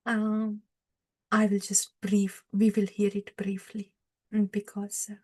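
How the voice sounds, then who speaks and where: A woman giving a devotional lecture, retelling a scripture story with many pauses and fillers. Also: medium pitch, completely flat delivery. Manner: hesitant, many fillers, warm laughs. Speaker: devotional speaker.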